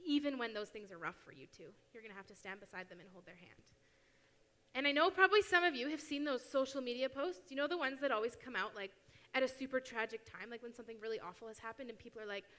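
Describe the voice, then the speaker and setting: A young woman preaches in a casual, animated way and slips into quoted voices now and then. Her voice is bright and a bit high. It rings with a long hall reverb. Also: fast. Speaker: youth speaker at church. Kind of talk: sermon talk. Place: church hall.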